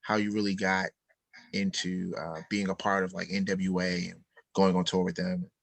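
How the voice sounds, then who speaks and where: An interviewer asking questions in a relaxed, casual way with many fillers. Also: low voice, moderate pace, gravelly, dry recording.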